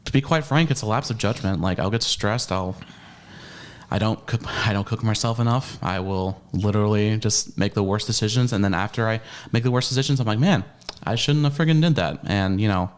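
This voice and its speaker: This man's voice sits on the low side and comes across clean, moving at a fairly quick clip. He's a guest with debts explaining his spending, rambling and hesitant, full of fillers and restarts.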